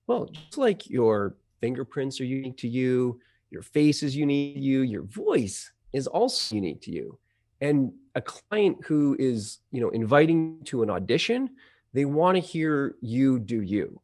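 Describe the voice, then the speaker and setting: A man's voice: mid-range voice, moderate pace. Chatty man explaining with many fillers. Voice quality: trained audio engineer. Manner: animated explainer, lots of fillers and restarts. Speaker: CEO of a voice-over marketplace, guest. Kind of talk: conversational interview.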